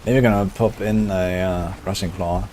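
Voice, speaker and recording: A man's voice: deep voice, fairly even intonation, normal speed, darkish tone, a little hiss or hum. A man casually chatting and thinking aloud while he streams a game. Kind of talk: casual gameplay commentary.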